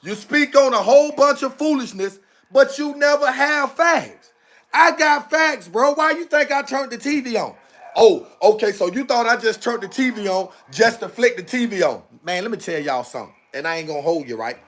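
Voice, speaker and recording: A man's voice: extremely high pitch, moderate pace, fairly bright tone. A man hosting a casual livestream from home, talking straight to his viewers in a fired-up, repetitive rant. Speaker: livestream host. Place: indoors at home on camera.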